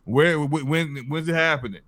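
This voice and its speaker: A man's voice: a little high, normal speed, fairly bright tone, no room sound. A man hosting a gaming podcast, making his case point by point with many restarts. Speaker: podcast host. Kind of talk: casual podcast discussion.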